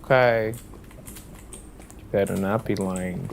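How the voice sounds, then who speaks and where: Vlogger doing a slow mumbly boxer guy, low and threatening, noisy hiss behind. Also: steady tone, vocal fry, exaggerated voice. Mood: menacing. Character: menacing male boxer, gruff, quick to threaten.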